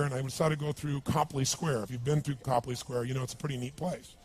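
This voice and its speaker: A man's voice: mid-range voice, level tone, fast talker, darkish tone, slightly rough. A man giving a motivational seminar talk, telling a story with energy and asking the crowd questions. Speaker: motivational speaker.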